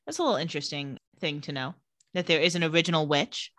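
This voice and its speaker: In an echo-free, studio-quality recording, a young adult woman with a low voice co-hosts a podcast. Her casual TV episode recap is animated, with characters' lines delivered in quick voices.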